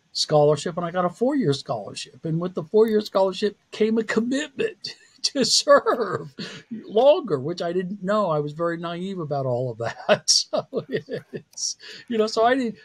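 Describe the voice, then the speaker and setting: A man's voice: on the high side, slightly rough. A man speaking as a podcast interview guest and psychology professor, telling his career story in a candid, self-deprecating way with frequent laughs.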